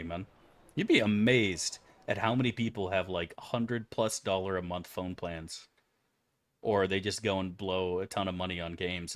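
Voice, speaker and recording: A man with a fairly low voice, talking loosely with his viewers as he streams a game. He is from Florida and rambles from one topic to the next in an offhand, profane way. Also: dry recording. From Florida, USA. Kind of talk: casual chat while gaming.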